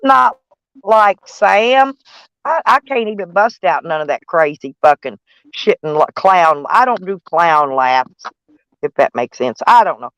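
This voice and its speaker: A woman's voice: on the low side, lively intonation, unhurried, a bit bright, no room sound. Rambling woman, dry close sound. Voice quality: folksy, salty, rambling. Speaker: vlogger. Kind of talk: casual rambling chat to viewers.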